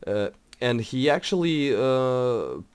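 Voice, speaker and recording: A man's voice: medium pitch, big pitch swings, slow pace, a little mellow, clean tone, no echo. A young man hosting a building game video, talking in a rambling, hesitant way with many fillers and restarts. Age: young adult. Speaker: let's play host. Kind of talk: casual gameplay commentary.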